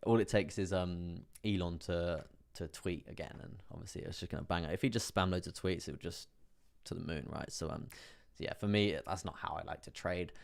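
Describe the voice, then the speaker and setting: A young man with a low, creaky voice talks briskly on a live stream, casually commenting on crypto trades. He fills his chatter with fillers and asides to his viewers.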